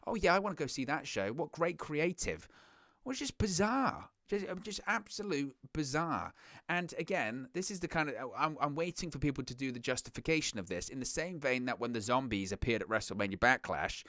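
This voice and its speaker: A man's voice: mid-range voice, animated, fairly quick, bright, forceful tone, no echo, studio quality. A man hosting a wrestling reaction show, ranting in a sarcastic, exasperated way. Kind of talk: casual reaction commentary.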